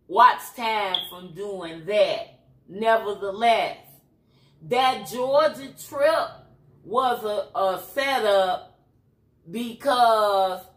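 A woman's voice: mid-range voice, fairly bright tone, roomy sound. A woman from Chicago with a Chicago accent, a YouTuber giving a blunt, preachy, streetwise rant on a livestream. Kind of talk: ranting commentary livestream.

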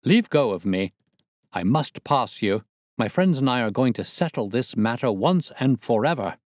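A man's voice: fairly low pitch, expressive, moderate pace, darkish tone, no room sound, clean studio sound. A man voicing an agitated Victorian husband in an audiobook reading, urgent and raised. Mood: forceful.

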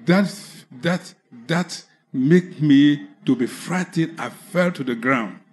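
A man preaching with a Nigerian English accent, telling a personal conversion testimony slowly, with halting restarts. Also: on the high side, darkish tone. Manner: slow, halting storytelling with restarts. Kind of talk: testimony sermon.

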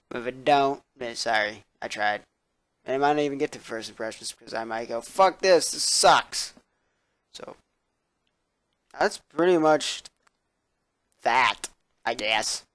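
A man's voice: lowish voice, creaky, a bit bright, dry recording. A young man rambling casually to camera in a tired, sarcastic, profane way, indoors at his computer. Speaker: vlogger.

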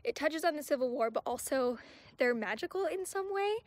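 A woman chatting in a casual book vlog, gushing over a book she has just received and talking with breathless excitement. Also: high-pitched, fairly quick, no echo. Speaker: book vlogger.

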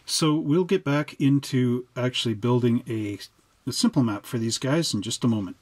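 A man's voice: mid-range voice, moderate pace, darkish tone, no room sound. A man hosting a casual hobby explainer, walking through boxes of model figures in a chatty, digressive way with joking asides. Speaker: hobby channel host.

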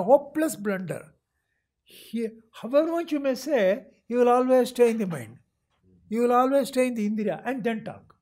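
A man's voice: extremely high pitch, darkish tone. A man with an Indian accent giving a scripture lecture as a spiritual teacher, explaining patiently and often checking whether his listeners follow. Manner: acts out a seeker's voice in quoted lines.

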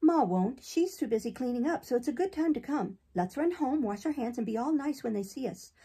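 A woman doing a gentle, coaxing little girl. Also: sits high, animated, a little fast, husky, pitched above the performer's own voice, heavily acted. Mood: comforting. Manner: soothing and coaxing. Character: kind, gentle little girl comforting a friend.

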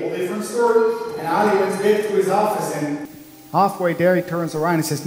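A man's voice: a little high, fairly quick, in a large hall, soft background music, low-quality recording. A man in his thirties from the Netherlands with a Dutch accent, giving an earnest, emphatic motivational talk to a conference, telling stories in his second language. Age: 30s. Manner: earnest, emphatic, storytelling with small slips in English. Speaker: conference speaker. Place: conference hall.

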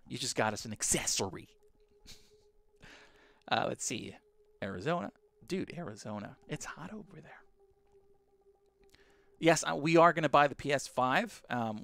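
Gravelly, excitable male streamer. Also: medium pitch, dry recording. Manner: excitable, chatty, greets viewers from chat. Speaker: streamer hosting a live reaction stream. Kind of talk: casual live-stream chat with viewers. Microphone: broadcast headset.

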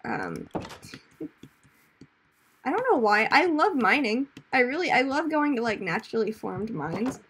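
A young woman streaming a game, chatting casually, reading chat aloud, laughing often and breaking into loud screams at enemies. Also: on the high side, animated, normal speed, few pauses, slight background noise. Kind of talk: casual gaming commentary.

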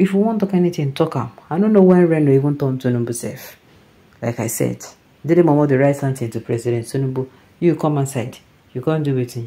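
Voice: medium pitch, dark tone, rough recording. A news commentator with a Nigerian accent giving casual opinion commentary, often checking in with the listener through rhetorical questions. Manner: conversational, keeps asking "you understand?".

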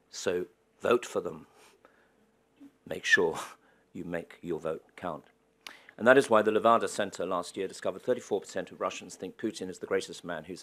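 A man giving a public lecture in a wry, anecdotal way with dry humor. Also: low-pitched. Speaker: guest lecturer.

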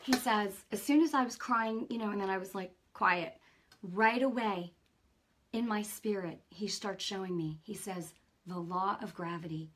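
Bright husky-voiced woman preaching. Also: medium pitch, normal speed. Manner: animated storytelling, acts out dialogue; conversational, many fillers. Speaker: host. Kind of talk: faith teaching, personal testimony.

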